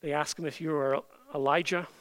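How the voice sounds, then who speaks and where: A man's voice: fairly high pitch, steady tone, a little fast, no echo. A man preaching a sermon, emphatic, with many rhetorical questions to the congregation. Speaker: pastor.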